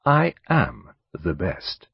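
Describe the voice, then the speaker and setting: A man's voice: deep voice, huge pitch swings, drawn-out words, creaky, slightly rough, no room sound, voice pushed down, full character voice. A man doing a prim, placid old detective. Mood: courteous. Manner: precise, placid, courteous. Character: fastidious elderly male detective, calm, self-assured. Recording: dull studio audiobook recording.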